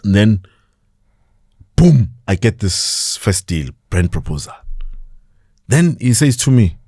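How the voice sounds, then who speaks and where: A man's voice: lowish voice, slow, slightly rough, no echo, clean studio sound. A South African man on a podcast, telling stories in a casual interview and acting out the people he quotes. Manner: animated, acts out quoted voices, laughs often. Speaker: podcast guest.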